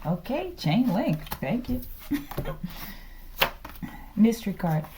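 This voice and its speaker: A woman's voice: mid-range voice, sing-song, measured pace, heavy background noise. A woman giving a channeled tarot reading to her viewers, chatty, laughing often and dropping into whispers. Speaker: tarot reader.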